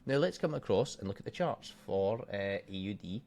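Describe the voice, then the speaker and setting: A man's voice: on the low side, animated, moderate pace, darkish tone. Casual, swearing trading coach man. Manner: offhand, thinks aloud, swears casually. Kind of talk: casual screen-share market walkthrough.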